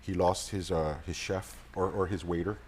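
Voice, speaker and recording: A man's voice: deep voice, fairly even intonation, normal speed, crowd noise. A man answering a talk show host's questions in a TV studio, stumbling and repeating words. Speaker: guest, political candidate. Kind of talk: casual interview answers.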